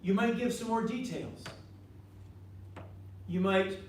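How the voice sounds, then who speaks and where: This ministry teacher has a high-sitting, slightly mellow voice and takes his time. He is teaching a faith class in a meeting room, talking conversationally, going over his points again and quizzing the group. Heard from a distance in a very echoey room.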